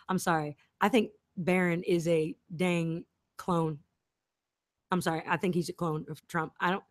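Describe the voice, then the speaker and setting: A woman with a lowish voice chats in a meandering, giggly way, often cutting herself off mid-thought. The sound is close and dry, with almost no room in it. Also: a little mellow, dry recording. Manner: giggly, meandering, with frequent self-interruptions. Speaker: host. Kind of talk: rambling casual chat.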